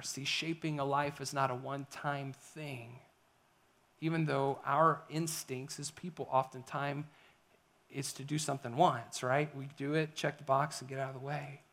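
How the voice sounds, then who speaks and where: A middle-aged male pastor delivering a sermon, his voice sitting a little higher than most men's. He talks with animation, pushing up into loud emphasis, then dropping to a near whisper to make a point.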